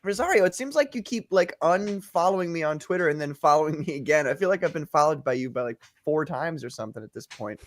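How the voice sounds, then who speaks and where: Casting: male stream host, slightly high voice, dry close sound. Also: lively intonation, quick pace, hardly any pauses, no echo. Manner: chatty, greets chat names one by one. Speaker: podcast host. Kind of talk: casual livestream chat.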